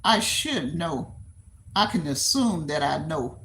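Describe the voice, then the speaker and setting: An older Texan woman with a Texan accent hosts a livestream, chatting casually with viewers. She rambles, repeats herself, laughs easily and reads comments aloud to answer them. Her voice sits low and is a bit bright, with huge pitch swings and a slow pace.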